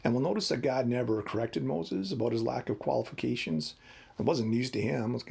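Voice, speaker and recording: Gravelly, husky preacher in his fifties. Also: medium pitch, fairly quick, a little mellow. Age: 50s. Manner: conversational, wry and humorous. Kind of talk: devotional talk.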